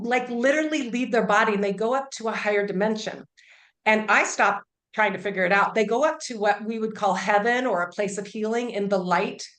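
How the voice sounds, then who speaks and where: A woman's voice: medium pitch, fairly bright tone. A woman Reiki healer telling an earnest, emphatic story as an interview guest, often restarting her sentences. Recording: roomy echo.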